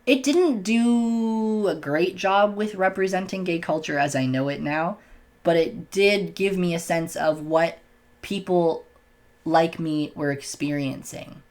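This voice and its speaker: A man's voice: fairly high pitch, unhurried. Candid young man, stumbling over words. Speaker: vlogger. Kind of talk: casual personal storytelling to camera.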